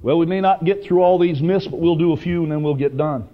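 A man preaching a sermon with fervent, emphatic delivery that rises to loud bursts. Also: on the high side, fast. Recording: dull lo-fi broadcast recording.

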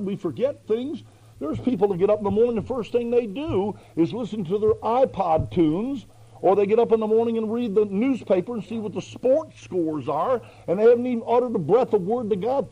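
Man, pastor, sermon, high-pitched, warm mellow tone, folksy, emphatic. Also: breathy edge, lo-fi sound. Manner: emphatic, folksy, rhetorical questions.

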